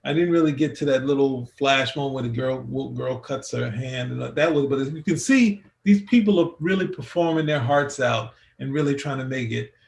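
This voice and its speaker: A man's voice: medium pitch, normal speed, gravelly, hardly any pauses. A man co-hosting a casual review chat, rambling with many restarts as he thinks aloud. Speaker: podcast co-host.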